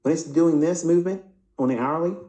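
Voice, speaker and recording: A man with a mellow, low-brightness voice gives a live trading lesson over price charts. He asks himself questions and answers them, and often stumbles over repeated words. The sound is roomy and echoing. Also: brisk. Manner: repeats words, restarts mid-sentence. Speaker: trading instructor.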